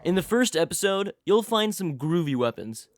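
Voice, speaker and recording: A man's voice: sits high, sing-song, normal speed, music in the background. A young man giving a comedic, scripted video game review voice-over, full of sarcastic hype and crude jokes.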